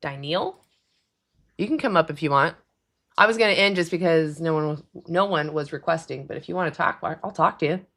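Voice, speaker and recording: A young woman talking casually on her livestream, chatty and quick to laugh as she answers commenters. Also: low voice, a bit bright. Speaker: livestream host. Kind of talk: casual live-stream chat.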